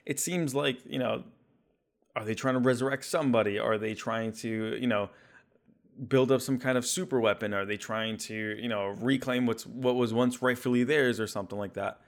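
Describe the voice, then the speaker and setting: A man's voice: medium pitch, steady tone, moderate pace. A man co-hosting a casual gaming podcast, rambling and leaning heavily on "you know". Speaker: podcast co-host.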